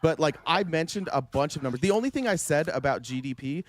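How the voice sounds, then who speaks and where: A man arguing his side in a heated online debate, defensive and quick to push back. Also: a little high, animated. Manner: quick, defensive, talks over others. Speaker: debater hosting a watch party.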